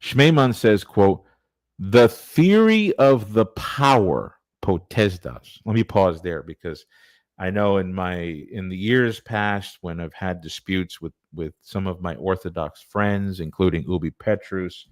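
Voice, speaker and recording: Low-voiced man giving a dry, earnest talk. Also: unhurried, dry recording. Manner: earnest, digressive, conversational. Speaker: church history presenter. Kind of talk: casual lecture.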